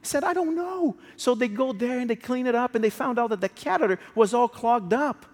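A man preaching a sermon as a story, swinging between hushed, slow lines and raised, emotional ones. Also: very high voice. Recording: long hall reverb.

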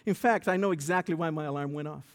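A man voicing a calm, unbothered church elder in a lowered, easygoing voice. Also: quick pace, natural voice. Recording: long church hall reverb.

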